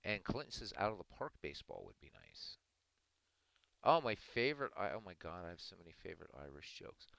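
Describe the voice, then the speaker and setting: A man hosting a livestream, chatting casually with viewers in a relaxed, rambling way. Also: low-pitched, brisk, vocal fry, low-quality recording. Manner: relaxed, rambling, chuckling asides. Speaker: livestream host.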